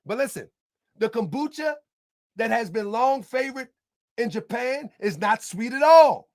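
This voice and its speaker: A man delivering a heated rebuttal monologue as an online commentator, combative and emphatic, repeating his points and bursting into shouts. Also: very high voice, animated, unhurried, no room sound, studio quality.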